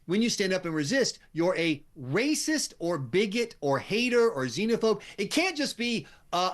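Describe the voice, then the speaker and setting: A man's voice: high voice, sing-song, normal speed, hardly any pauses, a bit bright. A man appearing as a political commentator on a radio show, speaking emphatically and sarcastically. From United States. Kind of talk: talk radio interview.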